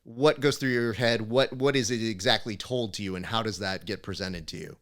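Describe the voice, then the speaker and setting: A man's voice: on the low side, brisk, fairly bright tone. A man hosting a podcast, teasing his guest in casual chat and asking long, winding questions. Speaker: podcast host.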